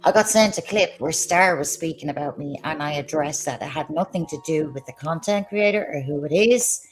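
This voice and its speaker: A woman's voice: deep voice, fairly quick. A woman ranting on a livestream in a combative, sarcastic way, swearing as she talks. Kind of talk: heated livestream rant.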